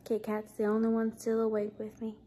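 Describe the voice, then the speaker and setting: A woman's voice: a little high, monotone, fairly quick, dark tone, breathy edge. A tired young woman chatting casually to her vlog camera at home, sleepy and self-deprecating. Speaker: vlogger.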